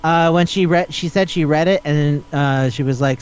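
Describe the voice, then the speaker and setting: A man's voice: on the high side, moderate pace, hardly any pauses, smooth, lo-fi sound. A man hosting a casual podcast chat, rambling and swearing as he retells scenes and acts out the dialogue. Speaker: podcast host.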